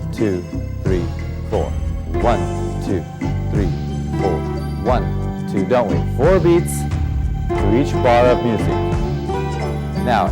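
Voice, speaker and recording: A dance instructor with a medium-pitched voice leads a lesson, counting the beats aloud and encouraging his students as rumba music plays. The sound carries the echo of a large room.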